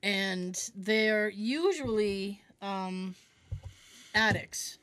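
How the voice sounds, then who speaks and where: A woman's voice: mid-range voice, drawn-out words, fairly bright tone. A woman co-hosting a podcast, chatting casually, laughing often and rambling through explanations. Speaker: podcast co-host. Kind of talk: casual chat.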